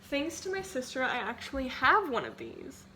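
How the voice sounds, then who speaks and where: In this low-quality home recording, a young woman with a high voice talks at normal speed while cooking in her kitchen for a vlog. She's chatty and self-deprecating, drifting between topics with lots of "like"s. A steady background noise persists.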